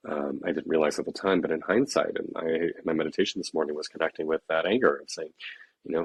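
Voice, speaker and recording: A man's voice: a bass voice, quick pace, vocal fry, breathy edge, rough recording. A man talking earnestly and candidly in a reflective spiritual conversation, now and then swearing frankly.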